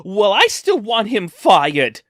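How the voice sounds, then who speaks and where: A man voicing an entitled, furious woman shopper who shouts her demands in slow, drawn-out words. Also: medium pitch, sing-song, no echo, studio quality, voice pushed up. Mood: shrieking.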